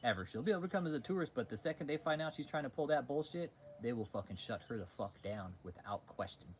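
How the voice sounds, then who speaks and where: A man's voice: medium pitch, fast. A fired-up man hosting a livestream in a mid-range voice, cursing freely and tripping over his restarts. A faint hiss sits under his voice. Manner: profane, excitable, frequent restarts. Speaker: livestream host. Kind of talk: casual livestream talk, reading chat.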